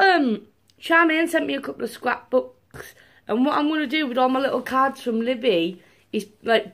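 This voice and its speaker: A young woman, unboxing gifts and gushing to her viewers in a casual vlog. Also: high voice. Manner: gushing, excitable, talks to viewers. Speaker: vlogger.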